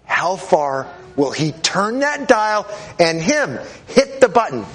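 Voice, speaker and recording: Animated male lecturer, high lively voice. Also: slow pace. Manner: animated, urging, repetitive, acts out voices. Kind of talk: classroom lecture with live demonstration. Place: lecture hall with audience.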